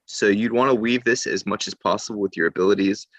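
A man's voice: fairly low pitch, fast, a bit bright, dry recording. A man co-hosting a gaming podcast, casually explaining strategy with some hesitations. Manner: explanatory, with fillers and restarts. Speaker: podcast co-host.

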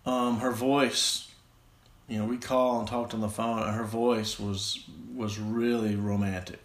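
A man with a Southern American accent telling a rambling, self-deprecating personal story in a halting way, with many restarts. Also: on the low side, level tone, echoey room.

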